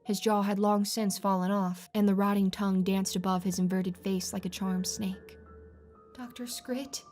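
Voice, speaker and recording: A woman narrating a horror story in a steady, dramatic storytelling manner, with faint music behind. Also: mid-range voice, normal speed.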